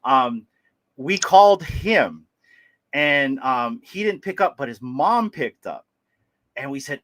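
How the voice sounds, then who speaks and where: A man tells a long story on a livestream. His voice is bright and forward. He talks in a lively way, laughs often and slips into other people's voices as he goes. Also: mid-range voice, takes it slowly, long pauses. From Hawaii. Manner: animated, laughing, acts out voices. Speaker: livestream host. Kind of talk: casual storytelling.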